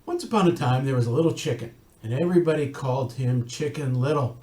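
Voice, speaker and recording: A rabbi giving an earnest recorded talk, telling a story and adding wry asides. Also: male voice, mid-range voice, fast talker, darkish tone, reverberant.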